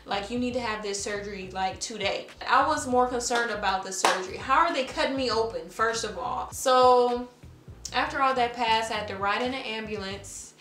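A woman's voice: on the high side, a bit bright, roomy sound. A woman casually telling a personal story for her vlog, chatty and full of fillers, acting out her own nervous words.

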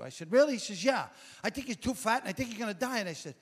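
A man's voice: high voice, expressive, fast, a bit bright, husky. A man doing a brash, self-mocking stand-up comedy set on a club stage. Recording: live club recording with crowd.

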